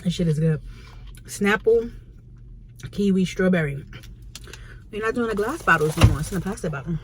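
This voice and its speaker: A woman's voice: lowish voice, lively intonation, moderate pace, a little hiss or hum. A woman from New York with a New York accent, telling a story in a casual, slangy and blunt way for her vlog from a restaurant. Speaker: vlogger. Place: Chinese restaurant, indoors.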